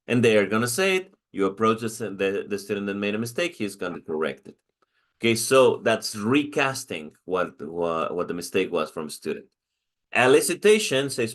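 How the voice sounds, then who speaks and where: A man's voice: mid-range voice, animated, normal speed, a bit bright. A man with a Mexican accent and Spanish as his first language, explaining a lesson as a teacher, with frequent restarts and "okay?" check-ins. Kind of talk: recorded lecture.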